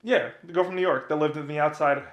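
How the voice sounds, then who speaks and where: Rambling young man, slightly high voice. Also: fairly even intonation, quick pace, a bit bright. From New Jersey. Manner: rambling storyteller, repeats himself. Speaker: podcast co-host. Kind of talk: casual chat. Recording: roomy echo.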